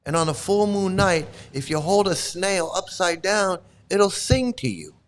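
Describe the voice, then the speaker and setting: A man's voice: high voice, very animated, a little slow. A man giving mocking, sarcastic commentary, swearing freely and laughing often. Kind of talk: mocking commentary on an archival recording.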